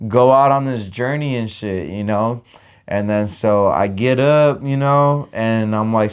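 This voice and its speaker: Young man, animated, profane slangy storytelling, casual podcast chat. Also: lowish voice, clean tone. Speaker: podcast co-host.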